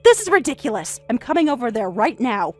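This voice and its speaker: A woman voicing a frantic, defensive middle-aged mother who talks in a shrill, insistent, raised voice over faint music. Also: sing-song, a little fast.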